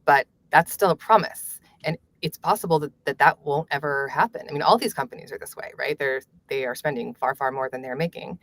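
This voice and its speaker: A woman author being interviewed, answering in a measured way with light laughs and frequent fillers. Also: low-pitched, fairly bright tone. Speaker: author and journalist guest. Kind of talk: conversational interview.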